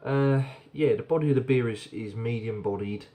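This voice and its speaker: A man's voice: medium pitch, normal speed, mellow. A man casually reviewing a beer on camera, chatty and rambling, often repeating words as he goes.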